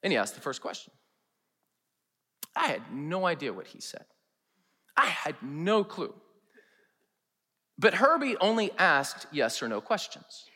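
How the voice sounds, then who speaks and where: Animated pastor telling stories in a hall. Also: male voice, fairly high pitch, unhurried, long pauses, breathy edge. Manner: animated, humorous storytelling. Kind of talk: sermon with storytelling. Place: large chapel.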